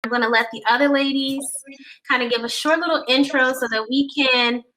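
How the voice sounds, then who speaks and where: A woman's voice: high-pitched, fairly even intonation, a little fast, fairly bright tone, poor audio. A woman hosting a casual online panel, chatty and upbeat, with lots of fillers. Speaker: panel host, nonprofit executive director. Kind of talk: casual panel chat on a video call. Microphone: video call.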